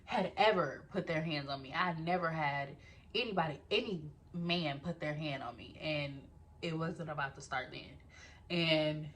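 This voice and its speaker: A young woman chats through a storytime vlog in a casual, animated way. She talks straight to her viewers and swears freely. Her voice sits a little low for a woman. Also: unhurried, a little hiss or hum. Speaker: vlogger telling a story.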